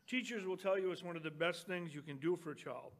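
High-voiced older pastor preaching. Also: male voice, moderate pace. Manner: gentle storytelling, reads a children's book aloud to the congregation. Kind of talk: sermon. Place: church.

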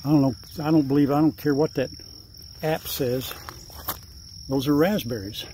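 A man's voice: mid-range voice, moderate pace, warm tone, a little hiss or hum. An older man chatting casually through a farm vlog outdoors, rambling and fondly coaxing his animals. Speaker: farm vlogger. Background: faint insects and crickets.

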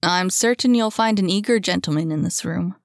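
A woman voicing a clumsy, gentle young man who speaks firmly with a gentle tease. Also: a little fast, gravelly, no room sound, studio quality. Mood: wry. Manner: lowered, firm, gently teasing.

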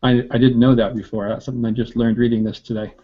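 Mellow-voiced man on a lo-fi video call. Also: mid-range voice, little pitch movement, quick pace. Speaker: participant. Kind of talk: casual online book discussion.

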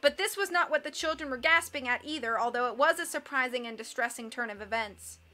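A woman reading a storybook aloud in an expressive, animated way, acting out the characters. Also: sits high. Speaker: reader.

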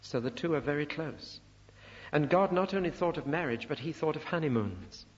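A man's voice: a little high, lively intonation, normal speed. An older man giving a Bible teaching sermon, emphatic and rising sharply on rhetorical questions. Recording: muffled recording in a reverberant hall.

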